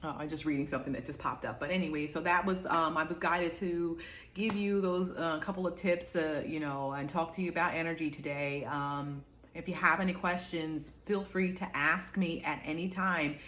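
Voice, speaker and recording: A woman's voice: deep voice, steady tone, moderate pace, fairly bright tone, reverberant, slight background noise. A woman giving a casual, rambling talk to camera as an energy healer, full of fillers and restarts.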